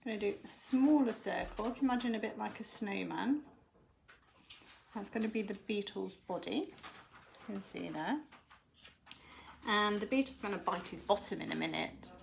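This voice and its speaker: A woman's voice: medium pitch, moderate pace, gravelly, pauses often, a little hiss or hum. A woman giving a live drawing lesson for children from home, explaining each step patiently. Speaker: drawing teacher.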